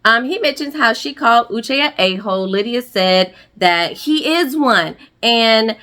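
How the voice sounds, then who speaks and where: A woman's voice: on the high side, expressive, a little slow, bright, forceful tone. A woman recapping a reality TV episode for her viewers in a casual, sassy way, full of slang and asides.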